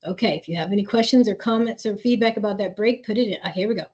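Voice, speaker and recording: A woman's voice: mid-range voice, quick pace, a little mellow, lo-fi sound. A woman therapist leading a webinar for parents, talking in an earnest, conversational way and reading chat comments aloud. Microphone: video call.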